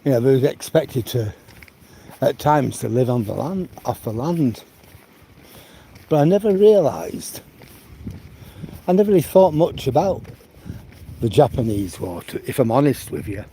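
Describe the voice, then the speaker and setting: A man chats away while out walking in the countryside, rambling and leaning on "you know" often. His voice sits at an ordinary middle pitch. Clear outdoor noise and the odd passing vehicle sit behind him on a phone recording. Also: sing-song, a little slow, pauses often, dark tone. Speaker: live-stream host. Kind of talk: casual chat while walking. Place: outdoors on a rural walk.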